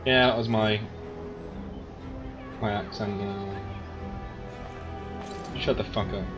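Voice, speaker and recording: A man's voice: fairly low pitch, steady tone, takes it slowly, lo-fi sound, over music. A man casually commenting on a video game as he plays, laid-back, joking and swearing. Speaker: gaming streamer. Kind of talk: casual let's-play commentary.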